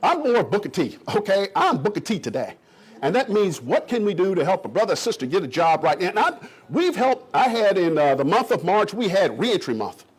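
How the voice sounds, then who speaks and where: A middle-aged man from Kentucky giving an animated presentation to a room of realtors. He is folksy and emphatic and talks straight to the audience. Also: high-pitched, a little fast, slightly rough. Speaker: economic development official.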